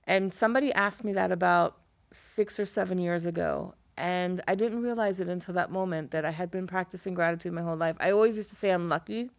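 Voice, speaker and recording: Gravelly-voiced woman telling a personal story. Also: fairly low pitch, brisk. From Florida. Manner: lively storyteller who acts out quoted dialogue. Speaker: guest, former high school teacher.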